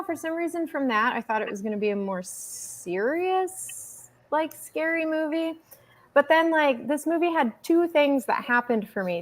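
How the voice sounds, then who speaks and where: Lively woman chatting on a podcast. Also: on the high side. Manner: lively and swearing freely. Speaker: podcast co-host. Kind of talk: casual chat.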